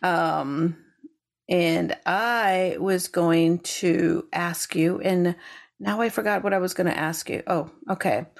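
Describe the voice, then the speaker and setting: A woman's voice: on the low side, steady tone, takes it slowly, vocal fry. A woman with a New York accent, chatting casually with her co-host and playfully defending herself. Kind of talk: casual chat.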